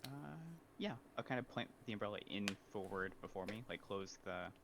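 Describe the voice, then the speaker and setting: A man player in casual tabletop talk, soft-spoken and measured. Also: fairly low pitch, expressive, a little hiss or hum.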